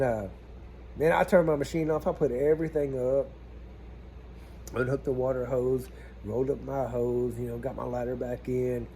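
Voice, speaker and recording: A man with a gravelly, mid-range voice tells his viewers a story about a plumbing job in a casual vlog. He's animated and swears freely, and a slight hiss or hum can be heard.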